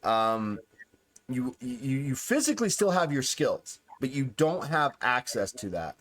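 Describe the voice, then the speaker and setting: A man's voice: mid-range voice, sing-song, fairly bright tone. Man running a tabletop game. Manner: rambling, full of fillers, voices characters in quick asides. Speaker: game master.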